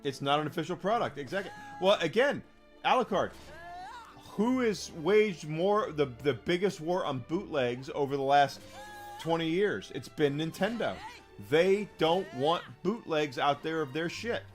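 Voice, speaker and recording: A man's voice: a little high, animated, unhurried, faint music behind. A man streaming a game who rants casually to his chat, emphatic and profane, repeating phrases for stress.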